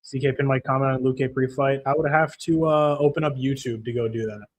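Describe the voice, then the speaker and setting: A young man hosting a live stream, swearing constantly and venting his frustration over a lost bet. His voice sits at an ordinary middle pitch, and he answers chat comments in a casual, irritated way. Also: fairly even intonation, fairly quick. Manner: profane, frustrated ranting; reads chat comments aloud. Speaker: livestream host.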